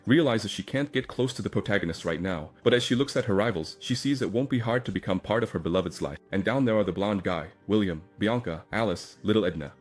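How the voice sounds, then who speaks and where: A man tells a comic story in a relaxed, chatty recap, stringing scenes together with "and so" and little asides. His voice sits on the low side. Faint music plays beneath him. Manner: chatty retelling with many "and so" links and asides. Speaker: recap narrator. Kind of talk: casual story recap narration.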